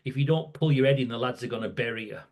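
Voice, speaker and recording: A man's voice: medium pitch, rapid-fire, darkish tone, lightly acted. A man retelling the words of a stern older male supervisor, a hard taskmaster who gives blunt, clipped orders. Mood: warning.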